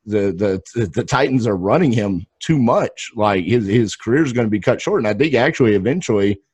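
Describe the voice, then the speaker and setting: A man interviewing a guest in casual chat, relaxed and repeating words as he searches for them. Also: fairly low pitch, a little fast, breathy edge, no room sound.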